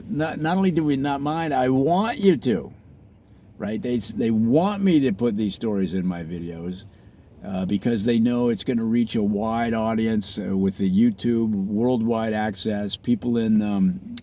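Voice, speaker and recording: Rambling self-satisfied man, mellow voice. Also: medium pitch. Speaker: parody real estate vlogger. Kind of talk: deadpan comic monologue.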